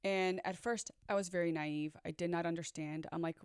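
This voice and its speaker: A woman with a fairly low voice tells a personal story in a casual, candid way, chatting straight to her viewers and swearing now and then. The sound is dry and close, with no room around it. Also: fairly even intonation, normal speed, smooth, no room sound.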